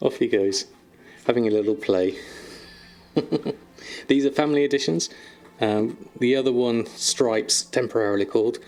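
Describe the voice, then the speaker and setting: A man's voice: medium pitch, moderate pace, long pauses, a little mellow. A man streaming from home, chatting casually with viewers and cooing affectionately at his kittens, laughing often. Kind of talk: casual live-stream chat. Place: at home, indoors.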